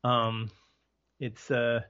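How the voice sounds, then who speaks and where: A man chats as a podcast guest, sharing opinions in a loose, hesitant way full of fillers and restarts. His voice sits at an ordinary middle pitch, and the recording sounds slightly dull and lo-fi. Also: monotone, drawn-out words, a bit bright, clean tone. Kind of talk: casual movie discussion.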